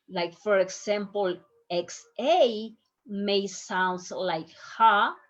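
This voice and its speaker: A woman teaches a language lesson at an unhurried pace, patiently repeating each word so learners can follow. Her voice sits in a middle pitch. The recording sounds a little dull and lo-fi. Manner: slow, patient, repeats words for pronunciation. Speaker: Spanish teacher.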